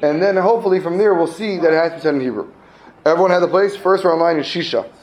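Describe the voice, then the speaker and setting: A man's voice: on the high side, racing, rough recording. A man teaching a class, reading a text aloud and translating it line by line, checking in with his students. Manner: reads phrase by phrase, translating each; asks students questions, repeats himself.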